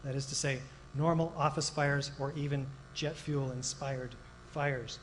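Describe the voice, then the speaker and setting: A man's voice: mid-range voice, steady tone, measured pace, slight background noise, poor audio. A man presenting technical evidence in a documentary lecture, earnest and explanatory, with occasional fillers and rhetorical questions.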